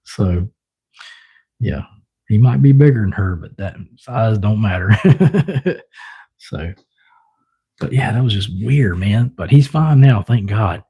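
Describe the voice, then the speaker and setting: A man's voice: fairly low pitch, expressive, slow, long pauses, warm tone, husky. A man livestreaming, casually telling a rambling story, chuckling often and mimicking his pets.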